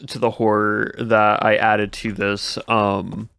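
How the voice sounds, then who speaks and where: A man's voice: fairly low pitch, flat delivery, takes it slowly, vocal fry, a bit bright, clean tone. A young man streaming, chatting casually with his viewers in a rambling way and answering their comments as he goes. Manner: rambling, answers chat between stories. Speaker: livestreamer.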